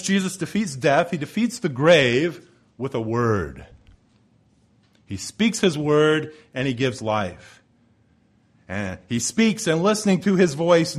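A man preaching a sermon as pastor, building to loud emphatic swells and slowing on key words. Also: fairly high pitch.

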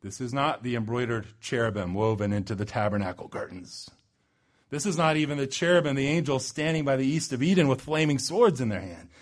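A man preaching a sermon, building to loud emphatic peaks and dropping low and slow for weight. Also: animated. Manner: dramatic swings in pitch and loudness, slows for emphasis.

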